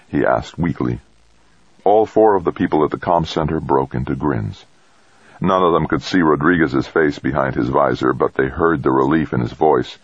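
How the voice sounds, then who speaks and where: A man narrating an audiobook in an even, steady storytelling manner. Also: a bass voice, normal speed, breathy edge, dry recording. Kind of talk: scripted narration. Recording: dull lo-fi audiobook recording.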